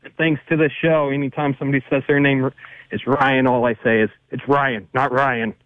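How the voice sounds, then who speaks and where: Male radio caller, mid-pitched, blunt, muffled lo-fi line. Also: brisk, no room sound. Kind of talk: casual chat.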